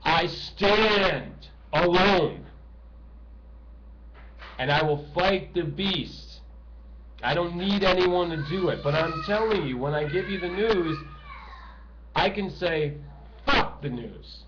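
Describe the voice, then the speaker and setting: Angry profane man ranting, high voice. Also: slow pace, long pauses. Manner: profane, bitter, swings between shouting and hushed talk. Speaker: political video ranter. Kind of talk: angry monologue to camera. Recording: dull lo-fi home recording with noise.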